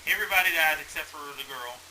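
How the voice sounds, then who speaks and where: A man hosting a casual movie review chat, rambling and animated as he retells the plot with lots of swearing. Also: on the high side, quick pace, a little hiss or hum, rough recording. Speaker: movie review show host.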